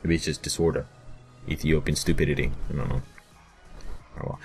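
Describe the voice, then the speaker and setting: A young man with a very low voice talks casually to his viewers as a gaming vlogger. He rambles and restarts often, halting between thoughts. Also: darkish tone, husky, soft background music. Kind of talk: casual vlog talk to viewers.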